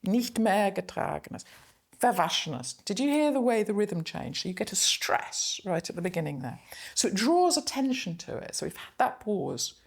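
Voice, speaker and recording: A middle-aged woman lecturer talking through a poem reflectively, reading its German lines slowly aloud. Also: mid-range voice, big pitch swings, husky. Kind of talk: spoken poetry analysis lecture.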